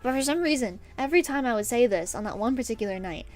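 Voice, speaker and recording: A young woman streaming while she draws, telling a story in an animated, rambling way, with lots of fillers and laughs. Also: fairly high pitch, fast. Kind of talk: casual storytelling chat while drawing. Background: faint background music.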